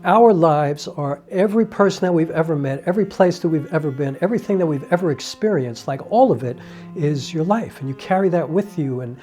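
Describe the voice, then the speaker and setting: A man speaks a heartfelt, reflective monologue to the camera in a fairly high, mellow voice. He talks earnestly, leaning on "you know" as he thinks aloud, while faint violin music plays behind him. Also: lively intonation, a little fast. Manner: acts out quoted dialogue with raised voice. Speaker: independent filmmaker and playwright.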